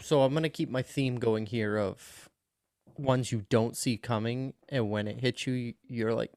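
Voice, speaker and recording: Male co-host, casual podcast banter, mid-range voice, dry close sound, animated and swears freely. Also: medium pitch, unhurried, no echo. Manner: animated, profane, laughing often.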